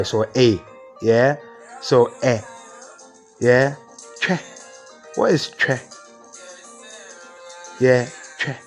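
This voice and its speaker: A man with a Ghanaian accent giving a comic mock lecture, explaining word by word and asking rhetorical questions. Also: mid-range voice. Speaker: comedian.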